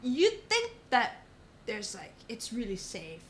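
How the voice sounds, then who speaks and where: A young woman, a podcast guest, telling a story in casual chat, animated and swearing often. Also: fairly high pitch, takes it slowly, a little hiss or hum. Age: young adult. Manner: animated, swears a lot, says "bro" often.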